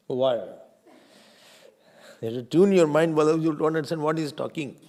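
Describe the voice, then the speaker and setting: A man's voice: fairly high pitch, moderate pace, dark tone. A man teaching a scripture class as a swami. He asks the class questions, answers them himself and stresses words with sudden force.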